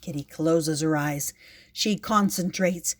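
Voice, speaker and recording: Slow, gentle older woman reading aloud. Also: sits low. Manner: gentle, unhurried. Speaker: storyteller. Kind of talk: reading a picture book aloud.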